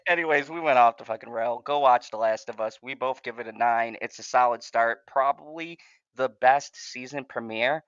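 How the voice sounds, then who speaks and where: A man's voice: medium pitch, normal speed, a bit bright, smooth, dry recording. Profane, laughing man with dull lo-fi sound. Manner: profane, rambling, laughs often. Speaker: podcast co-host reviewing shows. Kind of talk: casual chat.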